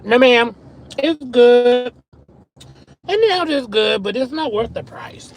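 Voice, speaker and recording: Brief: very high-pitched man, profane excitable live streamer eating in his car. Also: slow pace, creaky, a little hiss or hum, rough recording. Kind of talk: casual live-stream chat while eating.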